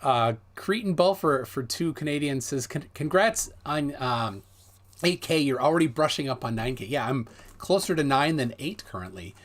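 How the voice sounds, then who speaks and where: A man's voice: medium pitch, animated, normal speed. A man hosting a casual live stream, reading viewer donations aloud in a jokey, self-mocking way and stumbling over names.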